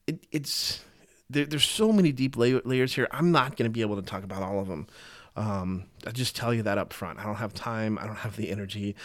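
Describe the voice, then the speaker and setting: A man's voice: lowish voice, fairly quick. A man giving a casual, earnest Bible teaching, talking conversationally and often repeating and restarting his phrases.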